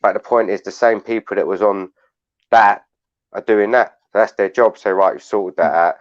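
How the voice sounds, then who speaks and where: A man's voice: on the low side, steady tone, moderate pace. A man hosting a live panel chat, rambling bluntly and swearing. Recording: dull lo-fi online audio.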